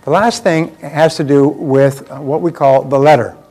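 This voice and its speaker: A man's voice: a little high, steady tone, normal speed, darkish tone, faint music behind. Emphatic male seminar speaker. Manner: emphatic, repeats key phrases for effect. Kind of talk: live motivational seminar talk.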